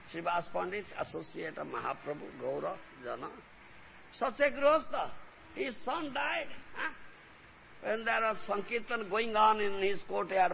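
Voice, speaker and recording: A man's voice: sits high, creaky. A man delivering a devotional sermon, emphatic and often checking in with "huh?" and "you understand?". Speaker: spiritual teacher. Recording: dull lo-fi recording with faint hiss.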